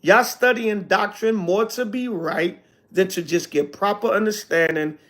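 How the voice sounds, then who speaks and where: A man's voice: sits high, a little slow, a bit bright. A man speaking as an elder to a livestream audience, talking casually in with slangy, sarcastic asides and answering comments. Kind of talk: casual livestream teaching, reading chat comments.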